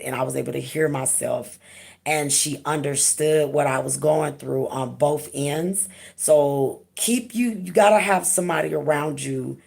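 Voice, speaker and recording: Woman, vlog host, low voice, gravelly, frank, emphatic, casual. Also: a little mellow. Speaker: channel host. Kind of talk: candid personal vlog talk.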